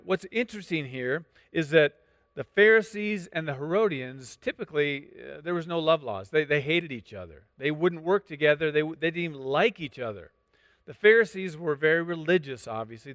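A man preaching a sermon, explaining scripture in a conversational way with asides, quick restarts and questions to the congregation. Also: a little high, a bit bright, clean tone, no room sound, clean studio sound, big-room sound. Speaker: pastor. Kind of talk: sermon teaching.

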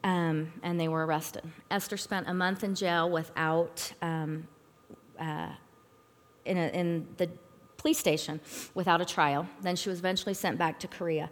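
Earnest lady sharing her testimony, kinda low voice, lots of ums, echoing around a big hall. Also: fairly even intonation. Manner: earnest, halting with frequent fillers. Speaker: speaker at a church talk. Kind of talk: personal testimony and storytelling. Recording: long reverb in a hall.

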